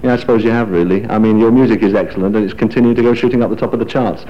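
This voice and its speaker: A man's voice: lowish voice, fairly even intonation, very fast. Jokey man hosting an awards show. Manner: jokey, chatty banter with guests. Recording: lo-fi broadcast sound.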